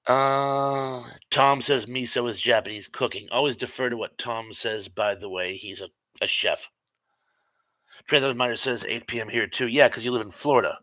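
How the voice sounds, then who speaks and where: Bright-voiced man hosting a live chat. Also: mid-range voice, no echo. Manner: chatty, reads viewer comments aloud, quick asides. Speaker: host reading live chat. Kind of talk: casual live-stream chat.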